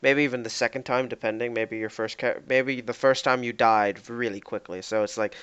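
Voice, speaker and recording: Male podcast co-host, clear smooth voice, casual rambling chat, muffled lo-fi recording. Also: medium pitch, steady tone, normal speed, a bit bright. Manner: rambling, self-correcting, acts out player quotes. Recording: dull lo-fi podcast mic.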